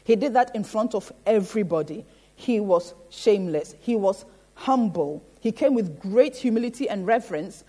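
A woman preaching a sermon in a church, often pausing to ask the congregation "Amen?" and building her points through repetition. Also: mid-range voice, lively intonation, warm tone, slightly rough. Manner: rhetorical, repeats "Amen?" to the congregation.

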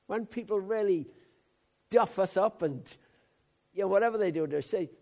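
A man preaching a sermon, telling personal stories in a chatty way with loud emphatic bursts. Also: high voice, normal speed, vocal fry, long pauses.

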